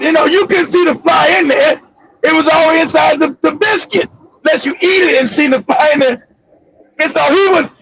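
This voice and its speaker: A man with a very high, gravelly voice tells a profane story loudly and casually, often breaking into laughs. The recording sounds dull and lo-fi with faint noise behind. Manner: loud, laughing, profane, animated. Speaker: streamer telling a story.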